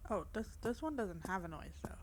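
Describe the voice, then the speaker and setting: A woman's voice: medium pitch, big pitch swings, brisk, slight background noise. A young woman gamer giving casual, chatty let's-play commentary on a horror game, reacting as she goes and joking at her own expense. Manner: chatty, reactive, self-deprecating.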